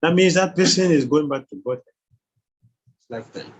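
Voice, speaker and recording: A man's voice: a little high, moderate pace, poor audio. A man teaching a scripture class who keeps quizzing his listeners with questions and chuckles as he goes. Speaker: spiritual teacher.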